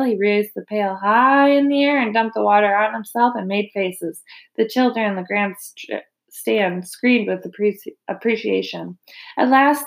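A woman reading a children's novel aloud in a gentle, unhurried storytelling manner. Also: fairly high pitch, gravelly. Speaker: reader.

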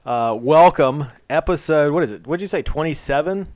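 A man's voice: on the high side, normal speed, darkish tone, no room sound. A man co-hosting a casual chat podcast, talking in a rambling, chatty way with lots of fillers. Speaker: podcast co-host.

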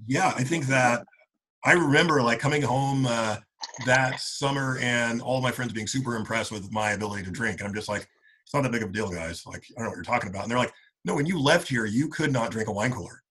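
A man's voice: medium pitch, fast, breathy edge, low-quality recording. A man in his late forties telling a long college story to old friends, rambling with lots of "like" and acting out what his friends said. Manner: acts out friends' lines in animated voices.

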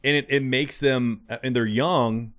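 A man's voice: medium pitch, fairly even intonation, measured pace, fairly bright tone. A man in his thirties co-hosting a podcast, talking in a rambling, casual way about his kids. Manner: rambling, acts out his kids' voices. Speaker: podcast co-host. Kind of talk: casual chat.

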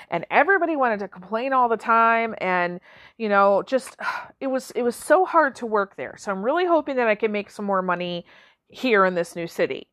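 A woman's voice: on the high side, a bit bright, no echo, studio quality. A woman doing a grumbling newcomer man. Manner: complaining, exasperated. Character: bitter grumbling male newcomer to a city.

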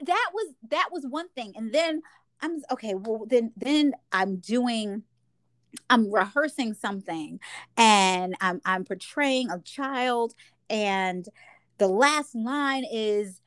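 A woman's voice: slow pace, dry recording. An older woman co-hosting a casual chat, telling stories animatedly and acting out her own reactions. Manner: animated storyteller, acts out her own reactions with big pitch jumps. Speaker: podcast co-host.

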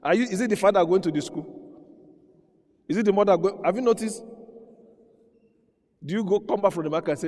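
A man preaching a sermon, dropping to a hush and then rising to loud, emphatic peaks while he acts out voices. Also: a little high, expressive, a little fast, pauses often. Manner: preaching with dramatic swings from quiet to loud, acting out quoted voices. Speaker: pastor. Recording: long hall reverb.

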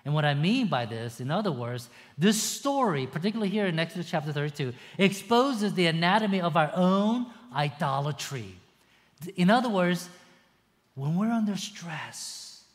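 Preacher with a bright, ringing voice. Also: male voice, fairly high pitch, in a large hall. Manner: animated storytelling, rhetorical questions. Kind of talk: sermon.

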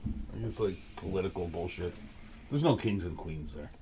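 A man's voice: sits low, expressive, moderate pace, noisy background. A man co-hosting a casual beer-tasting chat, playfully arguing and hamming up pronunciations. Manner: playful, argumentative, mock pronunciations. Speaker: podcast co-host.

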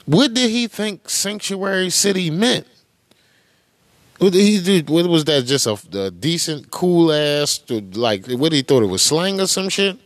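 A man hosts a podcast and reacts to clips with heated, profane commentary. His voice sits a little high and mocks freely. The sound is dry and close, with no room around it. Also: expressive, a little slow, dry recording. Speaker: podcast host. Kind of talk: casual commentary.

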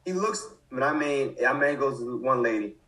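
A man's voice: mid-range voice, animated, moderate pace, bright, forceful tone, low-quality recording. A man in his twenties, a football coach, speaking casually as an interview guest, with many restarts and fillers. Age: 20s. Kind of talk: casual conversation.

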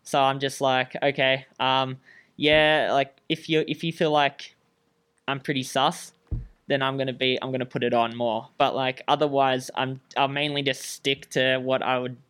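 A man's voice: mid-range voice, flat delivery, normal speed, a bit bright, clear, resonant tone. A young Australian man and student athlete, chatting casually and telling stories with frequent laughs and fillers. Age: young adult. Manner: laughing often, story-telling, lots of fillers. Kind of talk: casual chat.

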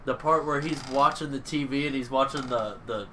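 A man's voice: medium pitch, brisk, pushed and bright. Guy riffing on old action movies, kinda far from the mic, noisy room, says dude a lot. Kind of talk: casual banter about martial arts movies. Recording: distant mic with background noise.

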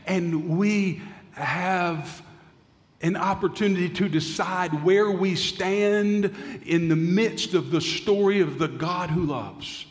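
A male pastor preaching, telling a story with dramatic pauses and often dropping to a hushed voice. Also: sits high, in a large hall. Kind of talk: sermon storytelling.

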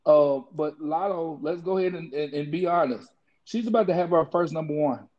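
Hoarse, raspy male podcast co-host. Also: on the high side, a little fast, lo-fi sound. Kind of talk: casual music chat.

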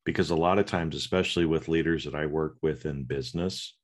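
A man's voice: very deep voice, fairly quick. A man co-hosting a podcast, explaining ideas as a leadership coach, often restarting and tagging sentences with "right?". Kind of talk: casual conversational chat.

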